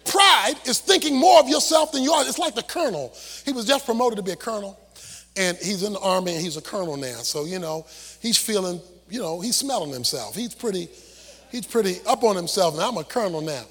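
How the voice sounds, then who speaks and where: A middle-aged male pastor preaching a sermon with an impassioned, shouting, half-sung cadence. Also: high voice, animated, brisk, husky. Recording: long hall reverb, faint music.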